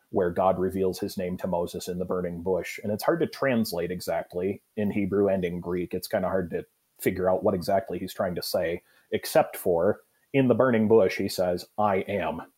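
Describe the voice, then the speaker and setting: A man, a pastor, explaining a Bible passage in a thoughtful, unhurried way, often pausing with fillers and restarting sentences. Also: low voice, warm tone, husky. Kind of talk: Bible study discussion.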